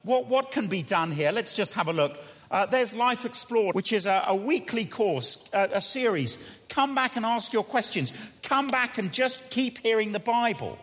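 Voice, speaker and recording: A man preaches a sermon in an earnest, questioning way, repeating his key phrases. His voice sits high and swings widely in pitch. The sound carries a long church reverb. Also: lively intonation, moderate pace, a bit bright.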